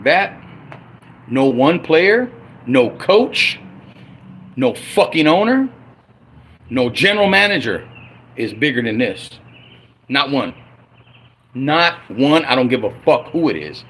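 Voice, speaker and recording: A man ranting on a livestream about his football team, profane and heated, swinging between loud outbursts and low grumbling. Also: big pitch swings, takes it slowly, pauses often. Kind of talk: angry unscripted livestream rant.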